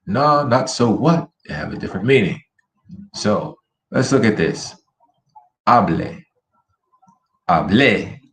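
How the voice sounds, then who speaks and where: Deep-voiced man teaching Spanish pronunciation. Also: big pitch swings, vocal fry. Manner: slow, drilling words by repetition. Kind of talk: online language lesson with screen share. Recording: roomy echo with faint ambience.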